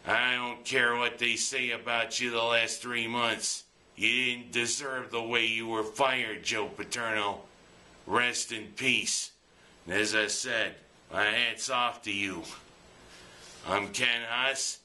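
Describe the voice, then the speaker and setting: A man delivers his weekly commentary at an unhurried, deliberate pace. His voice is bright and forward, and his delivery is plainspoken and earnest. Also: mid-range voice, fairly even intonation. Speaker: local sports and opinion commentator.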